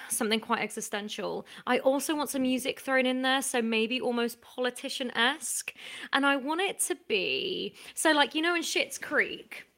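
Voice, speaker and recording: A woman with a high, bright, sharp voice trades banter on a comedy podcast. She riffs in an animated way and puts on mock indignation. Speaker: improv podcast regular.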